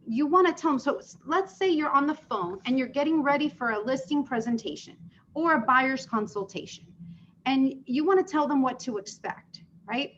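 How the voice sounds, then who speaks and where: Brief: female sales coach leading a class, slightly high, lively questions to attendees, muffled recording. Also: moderate pace, slight background noise. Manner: chatty, explains with questions to the group. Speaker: sales trainer. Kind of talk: live training session. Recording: dull lo-fi sound.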